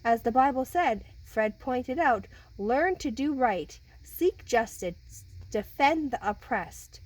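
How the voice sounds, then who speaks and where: Over a low-quality recording, a woman reads a children's picture book slowly in a high-pitched voice. As a storybook reader, she is animated and chats with the children who are listening.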